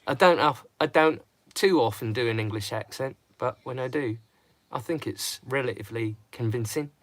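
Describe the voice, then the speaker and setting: A man's voice: medium pitch, moderate pace, dry recording, pitched below the performer's own voice, natural voice. A man doing a mock English accent. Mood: playful. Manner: chatty.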